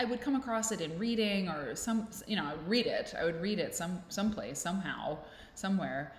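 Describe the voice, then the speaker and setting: A woman's voice: on the low side, expressive, brisk, few pauses. A woman hosting a casual vlog, chatting in a rambling, playful, self-deprecating way. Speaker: vlog host. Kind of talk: casual chat to camera. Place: indoors at home with a fan blowing. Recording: echoey room with faint noise.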